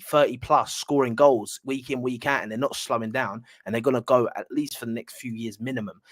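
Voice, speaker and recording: A man's voice: medium pitch, no room sound. A young man, talking casually about football to camera in a rambling, blunt way with slang. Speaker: football fan channel host.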